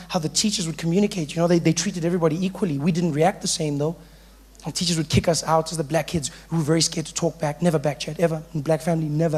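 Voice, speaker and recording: A man doing stand-up comedy, telling stories in an animated way. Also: a little high, husky. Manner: animated storytelling, switching into voices. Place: comedy stage before a live audience.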